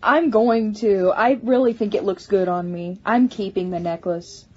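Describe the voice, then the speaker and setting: Woman vlogger, casual chat, stammering restarts, slightly muffled sound, faint background hiss. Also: mid-range voice. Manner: halting, many restarts and stammers. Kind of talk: casual personal vlog. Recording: slightly muffled home recording.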